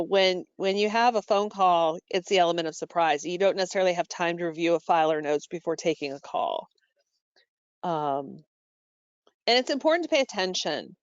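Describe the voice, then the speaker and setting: A woman presenting a staff training call, instructive and steady, with frequent fillers and self-corrections. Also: on the low side, clear, resonant tone, no echo, dull audio. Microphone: call microphone.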